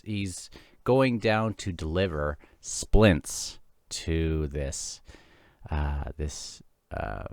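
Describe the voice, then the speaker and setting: A man's voice: low voice, no room sound, studio quality. A man hosting a casual chapter discussion of a novel, talking in a chatty, rambling way with frequent restarts. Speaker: book discussion host.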